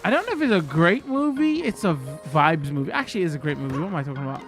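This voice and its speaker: A streamer chatting casually to a live chat while gaming, rambling and correcting themselves, breaking into sudden excited bursts. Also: medium pitch, racing. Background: game music.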